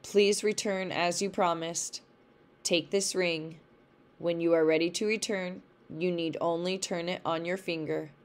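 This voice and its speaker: Gruff lonely beast, read by a woman. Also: fairly low pitch, fairly even intonation, lightly acted. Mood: gruff, sad. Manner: slow, gruff storybook reading. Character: gruff lonely male beast, sad and pleading.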